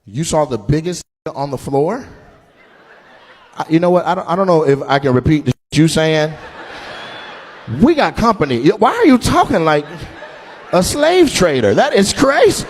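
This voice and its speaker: A man doing live stand-up crowd work, loud and mocking, acting out voices as he roasts audience members. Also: a little high, very animated, normal speed, long pauses, a little hiss or hum. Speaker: stand-up comedian. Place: comedy club stage.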